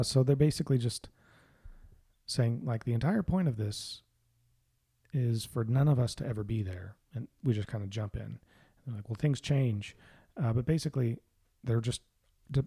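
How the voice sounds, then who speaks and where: A man co-hosting a comic book podcast, working through the characters in laid-back casual chat. His voice is mellow and a little husky. The sound is dry and close. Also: mid-range voice, normal speed, dry recording. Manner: laid-back, listing things with fillers. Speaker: podcast co-host.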